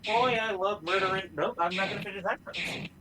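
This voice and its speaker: A woman's voice: medium pitch, fast talker, far from the mic, noisy background. A woman chatting casually with a streamer, making wry, dry quips. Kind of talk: casual chat.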